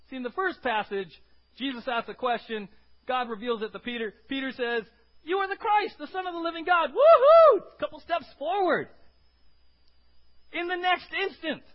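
Lively high-voiced preacher, lo-fi sound. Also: male voice. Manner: animated preaching with shouts and calls to the congregation. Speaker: pastor. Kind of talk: sermon.

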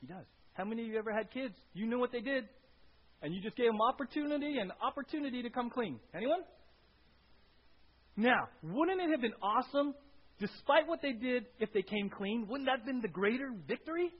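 A male pastor giving a conversational sermon with an animated delivery, often checking in with the congregation by asking "right?". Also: very high voice, fairly quick. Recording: dull lo-fi recording with faint hiss.

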